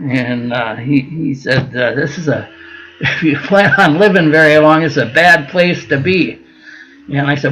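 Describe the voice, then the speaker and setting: The recording is poor, with a little hiss or hum behind this older Minnesota man's slightly high, somewhat bright voice. Speaking a bit slowly as an interview guest, the veteran rambles through long stories, often restarting and using fillers.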